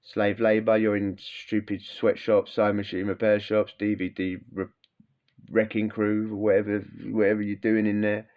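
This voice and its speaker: A man, a former prisoner, hosting a podcast in a blunt, animated, swearing rant. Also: lowish voice, moderate pace. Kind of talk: casual ranting monologue. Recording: dull lo-fi sound.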